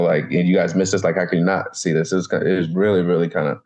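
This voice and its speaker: A man's voice: sits low, fast talker. A man, a former pro football player, talking loosely as a podcast guest and repeating himself as he recalls things. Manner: loose, repeats words, animated when recalling. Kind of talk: casual podcast chat. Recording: dull lo-fi sound.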